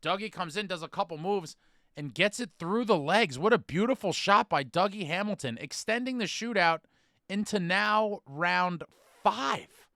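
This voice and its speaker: A man hosting a hockey fan podcast, recapping a game with animated storytelling. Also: sits high, normal speed, no room sound, studio quality. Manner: animated storytelling, bursts into shouted chants when reliving moments.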